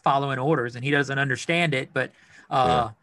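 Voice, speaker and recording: A man's voice: medium pitch, steady tone, fairly quick, sharp tone, no echo. A man co-hosting a podcast, talking loosely and casually with plenty of fillers. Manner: loose, filler-heavy talk. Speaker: podcast co-host.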